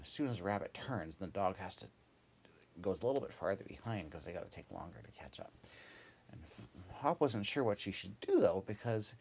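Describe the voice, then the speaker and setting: Gravelly, lively male storyteller. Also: fairly low pitch. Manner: meandering, casual, with many asides and fillers. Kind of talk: improvised children's story narration.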